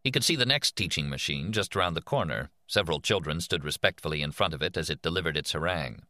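A man with a very low but lively voice narrates an audiobook, reading in a measured, expressive way. His tone is bright and forward. It is a dry, close recording with no room sound. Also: no room sound.

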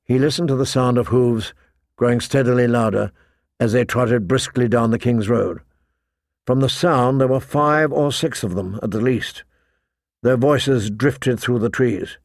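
A man reads a fantasy novel aloud in a measured, deliberate way, his voice grainy with vocal fry. The recording is dry and close, with no room sound. His pitch sits in an ordinary middle range. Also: no room sound. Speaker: audiobook narrator. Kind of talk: scripted fantasy narration.

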